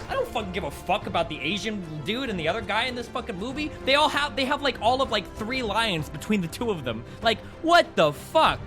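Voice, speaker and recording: A young man with a high voice that swings widely in pitch tears into a film during a live stream. He talks heatedly, swearing freely and restarting his sentences as he vents. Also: big pitch swings, brisk, music in the background. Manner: profane, heated, ranting. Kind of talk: live stream movie rant.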